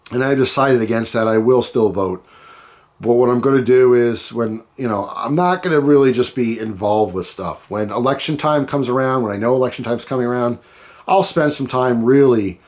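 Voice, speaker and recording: A man's voice: fairly high pitch, a little mellow. A middle-aged man from the United States talking casually to camera, rambling and often restarting his sentences. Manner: rambling, repeats and restarts himself. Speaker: vlogger. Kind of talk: casual storytime monologue.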